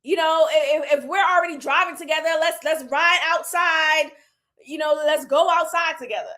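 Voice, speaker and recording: A woman in her thirties giving candid, animated commentary on a reality show and laughing often. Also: sits high, moderate pace. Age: 30s. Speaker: reality TV reviewer. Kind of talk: casual commentary.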